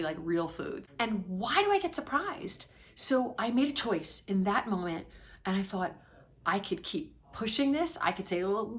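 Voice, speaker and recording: A middle-aged woman with a mid-range voice, talking straight to the camera from home as a parenting coach. She tells a story in a confiding, animated way and sometimes drops to a hushed whisper. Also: medium pitch. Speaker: parenting coach for ADHD families. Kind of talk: casual confiding vlog. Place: indoors at home.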